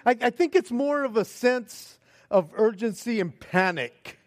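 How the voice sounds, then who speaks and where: A man's voice: extremely high pitch, a little slow. A male pastor preaching a sermon, acting out panicked pleas and laughing often between points. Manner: animated, acts out panicked pleas with frequent laughs.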